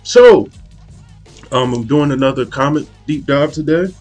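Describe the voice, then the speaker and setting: A man's voice: fairly high pitch, unhurried, loud music behind the voice. A young man casually talking through an art study, rambling and hesitant, with many fillers and restarts. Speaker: art channel host.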